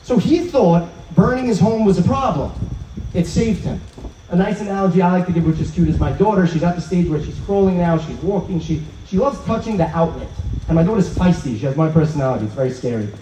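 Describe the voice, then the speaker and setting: Animated man telling stories, higher mellow voice. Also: quick pace, a little hiss or hum. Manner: animated storyteller who acts out quoted dialogue. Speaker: speaker at a religious event. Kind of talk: inspirational talk. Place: outdoor evening gathering. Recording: roomy, dull sound from a distance.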